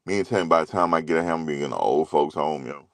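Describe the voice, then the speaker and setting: A man's voice: very deep voice, fast talker, no room sound. A middle-aged man talking loosely and casually as a commentary host, rambling through stories with slang and profanity.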